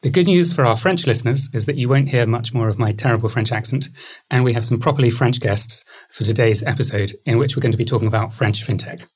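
A man's voice: mid-range voice, quick pace, a little mellow, husky. A man hosting a podcast, friendly and self-deprecating, with a few fillers. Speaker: podcast host.

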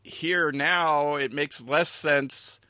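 A man with a bright, forceful tone and a middle pitch talks through his thoughts in casual chat, stumbling over restarts and fillers. The sound is dry and close. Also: steady tone, no room sound. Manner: halting, many fillers and restarts. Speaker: podcast co-host.

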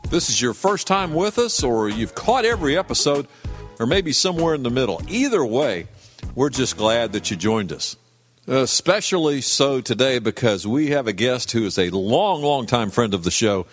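A man's voice: mid-range voice, very animated, normal speed, faint music behind. A man hosting a podcast interview in a friendly, upbeat, conversational way. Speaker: podcast host. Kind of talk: casual interview.

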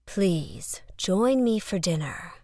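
A woman voicing a serene, graceful male insect-like alien artist, speaking softly and aloofly. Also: mid-range voice, animated, slow pace, no echo, clean studio sound.

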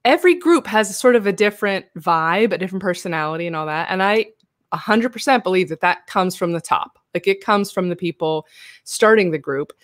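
An American woman hosts a loose, chatty live show. She laughs easily and throws in animated asides. Her voice sits at a middling pitch, recorded close and dry. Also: fairly quick, no room sound. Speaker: host. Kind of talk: casual livestream chat.

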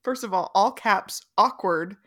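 A woman's voice: mid-range voice, a little slow, fairly bright tone. A woman co-hosting a casual podcast, wry and laughing often as she reads out her notes on the episodes. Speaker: podcast co-host. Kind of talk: casual chat recap.

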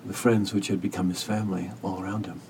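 A man who works as a hospice caregiver, telling a story as a podcast guest in an earnest, gentle, measured way. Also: sits low, little pitch movement, distant mic, noisy background. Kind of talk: reflective storytelling interview.

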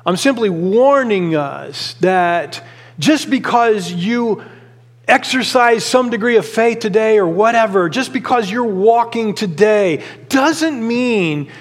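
Brief: middle-aged man, passionate pastor, high voice, sermon in a hall with a long echo. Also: animated, takes it slowly. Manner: passionate, rising to emphatic exhortation; conversational storytelling with many restarts.

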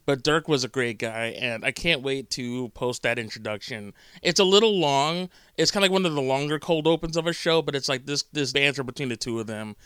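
A man's voice: medium pitch, brisk, few pauses, a bit bright, smooth, no echo, clean studio sound. A man hosting a podcast, chatting casually in a rambling way that often corrects itself. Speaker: podcast host. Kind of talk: casual chat.

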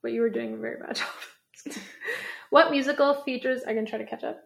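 A young woman co-hosting a casual podcast, reading quiz questions aloud slowly and laughing often. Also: a little high, steady tone, gravelly, slight background noise. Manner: playful, laughs often, slows down to read questions. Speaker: podcast co-host.

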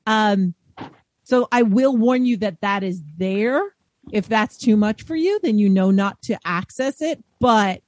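A woman's voice: medium pitch, a little slow. A woman co-hosting a podcast, chatting enthusiastically about movies and laughing often. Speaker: podcast co-host. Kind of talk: casual chat about movies.

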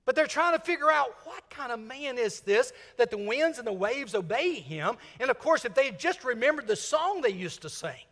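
An older man from Mississippi, preaching a sermon and swinging from loud emphasis to hushed, whispered lines. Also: very high voice, sing-song, normal speed, hardly any pauses, in a large hall. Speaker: senior minister.

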